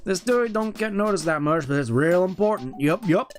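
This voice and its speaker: A man's voice: medium pitch, animated, moderate pace, soft background music, close to an everyday voice. A man voicing a folksy male guild mentor in a put-on country drawl for a video game. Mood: proud.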